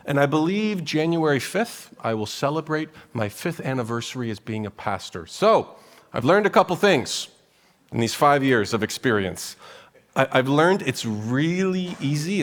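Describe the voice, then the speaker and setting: Man preaching in a reverberant church. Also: medium pitch. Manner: emphatic preaching with rhythmic lists and rising emphasis. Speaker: pastor. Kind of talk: sermon. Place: church sanctuary. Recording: long hall reverb.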